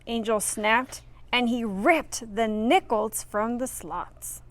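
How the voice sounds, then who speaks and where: A woman's voice: fairly high pitch, fairly even intonation, slow. A woman reading a children's picture book aloud expressively, adding friendly asides for her listeners. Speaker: reader.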